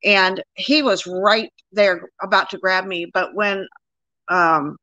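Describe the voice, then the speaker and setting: A woman's voice: mid-range voice, fairly even intonation, slow pace, bright, forceful tone, no room sound, muffled recording. A woman in her sixties, a guest plainly recounting her own experience in a casual interview.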